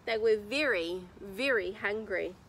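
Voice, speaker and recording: A woman reading a picture book aloud to children outdoors in a garden, telling it with animated expression. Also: medium pitch, unhurried, husky. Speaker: children's story reader.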